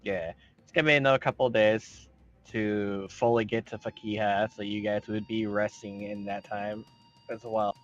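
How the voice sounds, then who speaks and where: A man running a tabletop game as game master, thinking aloud in an unhurried way. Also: fairly low pitch, steady tone, lo-fi sound, faint music behind.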